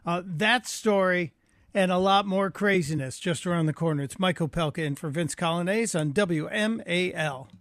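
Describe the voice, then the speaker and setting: A man's voice: high-pitched, normal speed, a bit bright, no room sound. A man filling in as a radio talk show host, telling joking anecdotes in a chatty monologue from a studio microphone.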